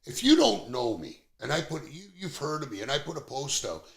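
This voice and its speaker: A man's voice: on the high side, wildly swooping pitch, fairly quick, gravelly. A middle-aged man from Canada, hosting a podcast and ranting bluntly with plenty of profanity in casual chat. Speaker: podcast host.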